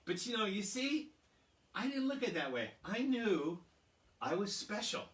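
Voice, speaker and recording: A middle-aged man telling a childhood story, acting out the voices of teachers and kids with loud bursts. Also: high voice, very animated, normal speed. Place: home, live online broadcast. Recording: roomy, slightly distant mic.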